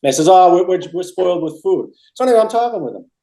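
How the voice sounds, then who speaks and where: A man's voice: sits high, animated, fast talker, warm tone. Rambling man in an echoey room. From Massachusetts. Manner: rambling, repeats himself, many restarts. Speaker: interviewee. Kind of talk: casual storytelling interview.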